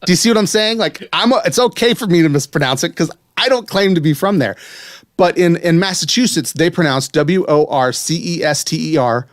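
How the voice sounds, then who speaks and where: A man's voice: on the high side, brisk, no room sound, studio quality. A man from West Virginia co-hosting a podcast in casual chat, amused and spelling words out letter by letter. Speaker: podcast co-host.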